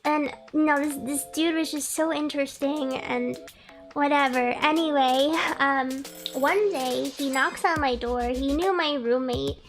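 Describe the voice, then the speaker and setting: A young woman with a high voice tells a long, rambling story to her livestream chat. She is casual and chatty, full of fillers and asides to thank her viewers. Music plays clearly behind her. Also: unhurried. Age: young adult. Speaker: VTuber streamer.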